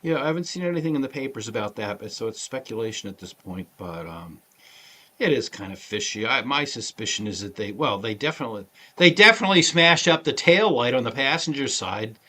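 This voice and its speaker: A man's voice: medium pitch, lively intonation, brisk, bright, forceful tone. A man co-hosting a legal talk show, explaining law in a casual way with many fillers. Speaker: lawyer co-host.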